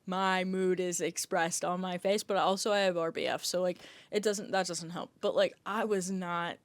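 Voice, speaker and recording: A woman's voice: fairly low pitch, fairly even intonation, moderate pace, no echo. A young adult woman hosting a podcast, telling a long casual rant, rambling with lots of "like" and swearing freely. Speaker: podcast host.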